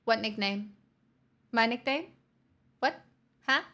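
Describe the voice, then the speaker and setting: A woman's voice: on the high side, slow, pushed and bright. A woman from the southeastern US hosting a livestream, chatting casually and teasing her viewers as she reads the chat. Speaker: livestream host.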